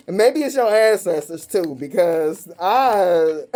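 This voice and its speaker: A woman with a lowish, animated, mellow voice reads tarot at a measured pace, with a little hiss or hum in the audio. She's blunt and foul-mouthed, gleefully ridiculing her subjects and laughing often.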